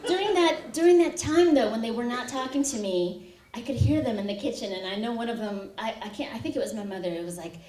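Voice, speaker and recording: A woman's voice: a little high, fast, a little mellow. A woman poet giving a reading, telling personal stories in a chatty way and laughing often. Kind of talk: poetry reading with personal anecdotes. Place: university lecture hall. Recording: echoey hall from far off.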